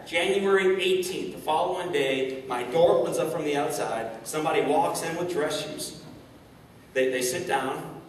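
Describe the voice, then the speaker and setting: Speaking in a slightly high male voice, a motivational speaker from St. Louis, Missouri, delivers an inspirational keynote full of rhetorical questions, tripping into repeated words. The large indoor hall echoes, the mic sits far from him, and there is slight background noise.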